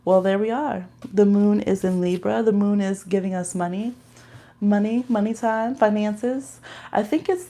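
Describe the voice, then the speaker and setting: A woman's voice: medium pitch, warm tone. Chatty woman giving a live tarot reading. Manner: chatty, laughs often, talks straight to viewers. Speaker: tarot and astrology reader.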